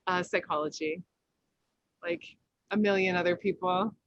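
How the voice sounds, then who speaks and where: A woman's voice: on the low side, steady tone, normal speed, no room sound, highs cut off. A woman guest on a podcast, chatting in an easygoing way and laughing often. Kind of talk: casual chat.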